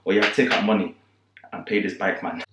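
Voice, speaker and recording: A man putting on a stern older boss, dropping his voice low and quiet as he lays down threats. He scolds slowly and heavily, in a roomy, echoing space. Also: steady tone, noisy background, close to an everyday voice. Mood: stern threatening. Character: stern older male landowner, commanding. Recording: roomy echo.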